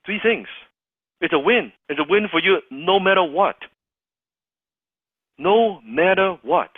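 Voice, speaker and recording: Here a man with a high-pitched, slightly rough voice speaks slowly but animatedly. He's a sales trainer running an interactive coaching session, repeating his main points with emphasis for the group. The dry recording has a tinny, phone-call feel.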